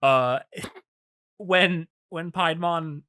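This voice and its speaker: A man's voice: a little high, very slow, bright, forceful tone, smooth. A young man co-hosting a podcast, recapping an episode in loose, profane casual chat and laughing often. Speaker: podcast co-host.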